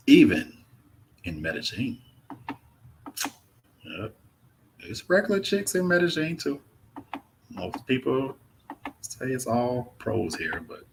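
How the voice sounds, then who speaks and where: A young Southern-accented man from Mississippi, a travel vlogger, hosts a live Q&A from a rented apartment, chatting casually and reading viewer comments aloud. His lowish voice swings widely in pitch, with vocal fry, a measured pace and frequent pauses, plus a little hiss or hum. He's laid-back and drawling, often saying "man."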